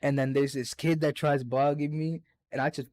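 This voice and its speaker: A man's voice: fairly high pitch, moderate pace. Young man telling a rowdy story. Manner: animated, profane storytelling with acted-out quotes. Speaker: podcast co-host. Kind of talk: casual storytelling chat.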